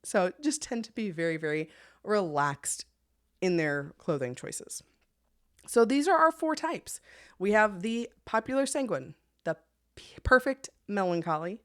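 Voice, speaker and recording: Lively laughing woman podcast host. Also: on the low side, measured pace. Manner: animated, laughs often, bursts of speed. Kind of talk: solo podcast teaching.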